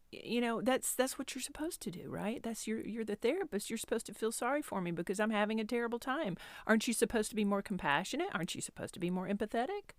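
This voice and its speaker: A woman's voice: mid-range voice, fairly bright tone, no room sound, studio quality. A woman in her fifties telling a personal story as a podcast host, candid and self-deprecating, rambling with restarts. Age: 50s.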